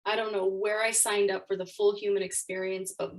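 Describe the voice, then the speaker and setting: A woman's voice: mid-range voice, level tone, brisk, recorded from a distance, rough recording. A woman life coach, a podcast guest, sharing her story openly and with emotion. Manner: open and emotional. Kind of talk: candid personal storytelling.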